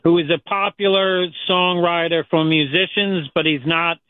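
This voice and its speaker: A man's voice: fairly high pitch, fairly even intonation, normal speed, dry recording. A man calling in to a radio show, chatting casually and telling a joke like a storyteller. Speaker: radio caller. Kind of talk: casual call-in chat. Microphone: telephone. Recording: tinny phone line.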